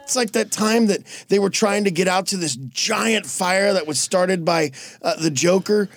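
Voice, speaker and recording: A man's voice: sits high, normal speed, over music. A man co-hosting a comedy podcast, telling crude stories with lots of swearing and laughing at his own jokes. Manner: animated, acts out characters mid-story. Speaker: podcast co-host. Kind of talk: comedic storytelling chat.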